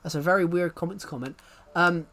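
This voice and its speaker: A man's voice: on the high side, fast talker, sharp tone. A young man chatting casually on a live stream, rambling and self-deprecating, often laughing and restarting his sentences.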